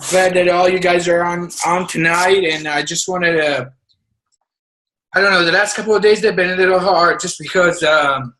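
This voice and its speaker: A man giving a halting, emotional pep talk to his team over a video call. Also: sits high, fairly even intonation, sharp tone, poor audio.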